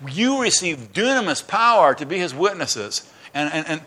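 A fired-up pastor delivers a sermon to his church in a bright, forceful voice that sits a touch high for a man. Speaking at normal speed, he is impassioned and excited, swinging between loud declarations and quiet asides. He often stumbles over his words and restarts them.

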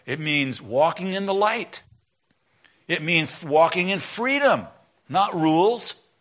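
A middle-aged male pastor giving a conversational sermon, swinging between loud emphatic lines and quiet asides. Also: on the high side, animated, slow pace.

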